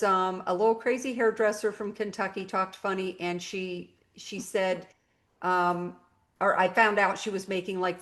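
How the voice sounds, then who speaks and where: A middle-aged woman gives a personal testimony in an animated, storytelling way. She acts out her own past outbursts as she tells it. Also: medium pitch. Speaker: guest telling her story.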